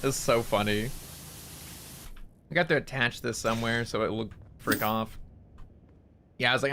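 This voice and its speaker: A man's voice: medium pitch, fairly even intonation, moderate pace, pauses often, bright, forceful tone, a little hiss or hum, rough recording. A young man streaming a game in casual chat, rambling, joking and swearing freely as he talks to his viewers.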